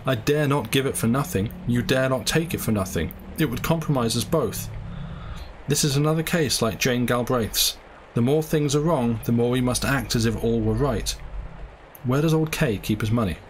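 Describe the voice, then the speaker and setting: A man playing a worldly, cynical male doctor who talks calmly and persuasively, lecturing and coaxing. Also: medium pitch, moderate pace, slight background noise, lightly acted.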